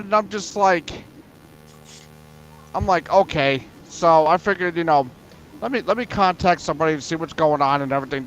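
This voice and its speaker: A man's voice: a little high, fairly bright tone, lo-fi sound. A man telling a long story in casual chat, rambling with many fillers and frequent swearing. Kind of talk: casual storytelling on an open voice panel.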